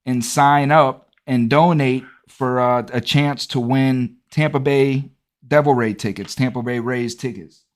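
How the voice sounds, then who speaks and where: A man's voice: medium pitch, fairly even intonation, a little slow. A man hosting a podcast interview, chatting in an easygoing way with short replies. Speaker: podcast host. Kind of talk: casual interview chat.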